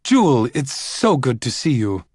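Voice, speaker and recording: A man playing an excitable fussy librarian. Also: mid-range voice, measured pace, slightly rough, no echo, clean studio sound, pitched above the performer's own voice. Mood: eager.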